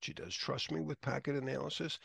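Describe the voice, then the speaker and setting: A man's voice: medium pitch, steady tone, a little fast, vocal fry, fairly bright tone, husky, no room sound, studio quality. A man teaching an exam prep class in a chatty, anecdotal lecture style, often laughing.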